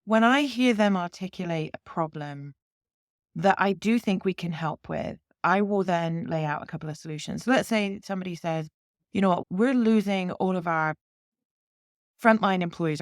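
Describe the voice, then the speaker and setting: A woman's voice: on the low side, normal speed, no room sound, studio quality. British woman explaining at length. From Britain. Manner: explains in long examples, acting out client dialogue, laughs easily. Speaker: CEO guest. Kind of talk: conversational interview.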